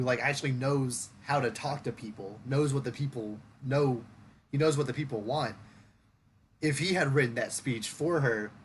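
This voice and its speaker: A man's voice: medium pitch, a little hiss or hum. A man hosting a podcast, talking through a film review in casual chat, thoughtful and explaining at length with occasional fillers. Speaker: podcast host.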